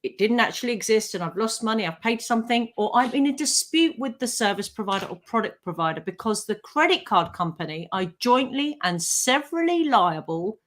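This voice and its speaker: A woman, a legal expert on a live radio talk show, explaining consumer rights in a clear, measured way. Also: a little high, animated.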